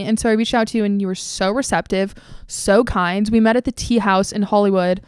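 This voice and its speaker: A woman's voice: medium pitch, steady tone, a little fast, a little mellow, clear, resonant tone, dry recording. A young woman in her twenties hosting a podcast, gushing and emotional in casual chat, swearing freely. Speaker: podcast host.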